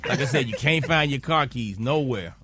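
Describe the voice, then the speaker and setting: A man's voice: mid-range voice, expressive, normal speed, background noise. A man co-hosting a radio morning show, telling exaggerated comic bits in casual banter. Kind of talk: comedic storytelling banter.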